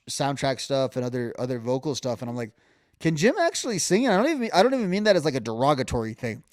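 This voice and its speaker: Co-hosting a laid-back music podcast, a man rambles, restarts himself frequently, fills gaps with fillers, and hums melodies. His pitch is medium, and the sound is clean studio audio with no echo.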